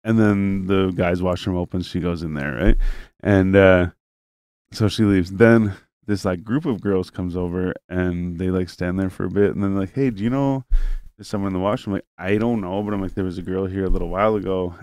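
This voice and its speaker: A man's voice: low-pitched, fairly even intonation, moderate pace, a little mellow, smooth, no room sound. A man in casual chat, telling a long story with lots of fillers, swearing, and acted-out lines from other people. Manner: rambling, heavy on fillers and swearing.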